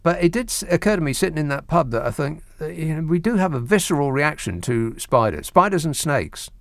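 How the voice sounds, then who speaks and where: A man's voice: on the high side, animated, a little fast, a bit bright, no room sound. Male radio host, middle-aged, dry studio mic, wry and rambling with mock outrage. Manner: wry, rambling, mock-indignant rants with hesitant restarts. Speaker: radio talk show host. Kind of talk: late-night radio phone-in chat. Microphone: studio microphone.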